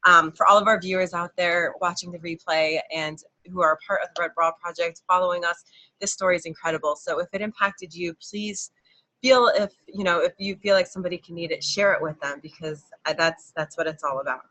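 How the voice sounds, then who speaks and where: Casting: bright-voiced female co-host, gushing and encouraging. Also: lowish voice, fairly even intonation, a little fast. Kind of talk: friendly podcast hosting.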